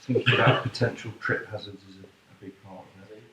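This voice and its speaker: Deadpan man, distant in an echoey room. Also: fairly low pitch, a little fast, slight background noise. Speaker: band member. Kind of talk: casual chat.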